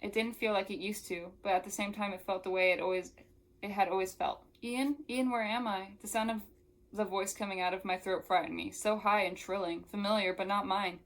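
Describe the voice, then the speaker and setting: A woman's voice: mid-range voice, steady tone, brisk, fairly bright tone. A young woman who reviews books, reading a novel aloud and breaking off into casual, exasperated asides. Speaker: book reviewer.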